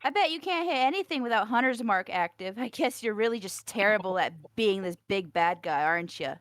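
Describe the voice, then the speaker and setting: A woman's voice: medium pitch, lively intonation, brisk, no room sound, lightly acted. A woman voicing a young female bard who taunts a foe in a mocking, sing-song way.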